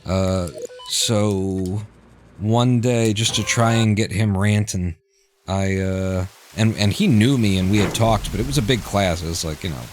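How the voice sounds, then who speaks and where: A man's voice: lowish voice, a little slow. A man streaming a game who wanders into long, digressive stories, casually swearing and restarting his sentences. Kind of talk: rambling commentary while playing. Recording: steady clicking noise underneath.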